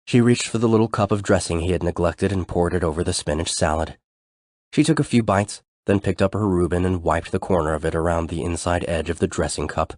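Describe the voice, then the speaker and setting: A man reading an audiobook in a measured, steady scripted narration. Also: low-pitched, no echo, studio quality.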